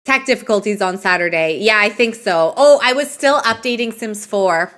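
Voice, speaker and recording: Woman, live stream host, casual chatter, animated swooping pitch, tired, greets viewers. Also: moderate pace. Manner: chatty, reads game options aloud, greets chat viewers. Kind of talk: live game stream commentary.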